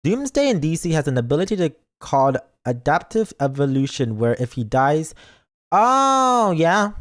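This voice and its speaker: A male VTuber chats through his game stream with a goofy, teasing streak, and gets mock-defensive with his viewers. His pitch jumps around in a lively, expressive way, sitting at a middle height for a man. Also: fairly quick. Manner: playful, goofy, mock-defensive banter with chat. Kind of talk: casual game stream chat.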